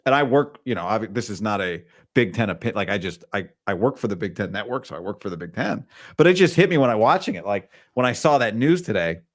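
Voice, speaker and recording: A man's voice: on the low side, very animated, quick pace. A man hosting a casual sports podcast, talking in a rambling way with restarts mid-thought. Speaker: podcast host.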